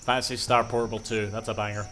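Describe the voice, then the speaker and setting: A man's voice: lowish voice, flat delivery, rapid-fire, background noise. A man with a Scottish accent, rambling playfully and swearing as he streams a game. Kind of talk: casual gaming commentary.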